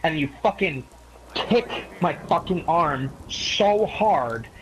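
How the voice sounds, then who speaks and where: Young man, casual storytelling, rambling, profane, slightly high voice. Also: slow pace, slight background noise, low-quality recording. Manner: rambling, profane, animated retelling. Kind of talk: casual chat telling a story.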